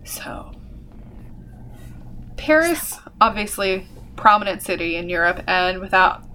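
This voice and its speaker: A woman's voice: mid-range voice, expressive, normal speed, pushed and bright, slight background noise. A young adult woman co-hosting a podcast, casually telling a history story with lots of fillers and the odd swear word. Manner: chatty, full of fillers and swearing. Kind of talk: casual chat.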